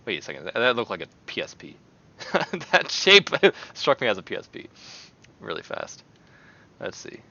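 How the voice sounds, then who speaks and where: Animated bright-voiced male streamer. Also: lowish voice, normal speed, gravelly, lo-fi sound. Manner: animated, exclaiming, rambling. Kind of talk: casual stream chat.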